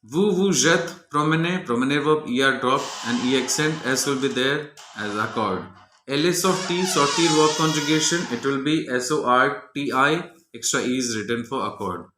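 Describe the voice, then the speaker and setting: A man's voice: mid-range voice, moderate pace, hardly any pauses, reverberant, noisy background. A man teaching a French grammar lesson, walking methodically through each exercise answer step by step.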